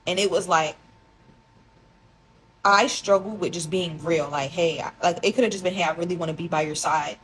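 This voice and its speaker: In this casual storytime, a young woman confesses her story with emotion, rambling and reading old texts out loud. Her lowish voice is a bit bright and moves at a moderate pace, over a low-quality recording.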